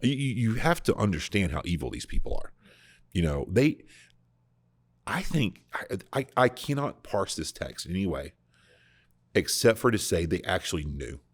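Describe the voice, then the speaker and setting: A man hosting a podcast, explaining scripture in a casual, animated way, often restarting his sentences. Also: low-pitched, moderate pace, husky, no echo. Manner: animated, full of restarts and repeated words. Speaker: podcast host discussing scripture. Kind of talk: casual conversational Bible teaching.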